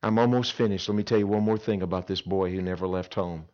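A man preaching a sermon at a camp, telling stories with dramatic swings between loud emphasis and hushed pleas. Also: low voice, steady tone, quick pace. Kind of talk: sermon with storytelling. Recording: dull lo-fi sound.

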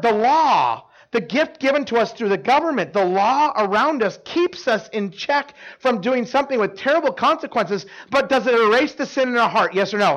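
A man delivers a sermon in a notably high voice, pulling volunteers up to act out his point. He talks in an animated way, doubling words and restarting sentences, and tosses quick asides to his listeners. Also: low-quality recording. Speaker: preacher. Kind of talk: sermon with live volunteer demonstration.

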